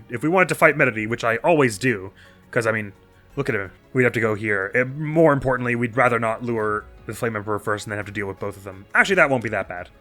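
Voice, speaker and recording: A man talks through his strategy game turn by turn, chatty and self-mocking as he works things out aloud. His voice is bright and forceful, with faint game music playing underneath. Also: medium pitch. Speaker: let's play host. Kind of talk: casual gameplay commentary.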